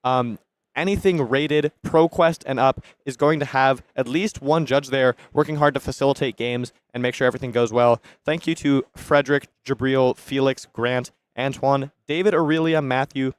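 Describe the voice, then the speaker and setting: A man commentating a card game tournament, steady and measured. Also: medium pitch, smooth, no room sound.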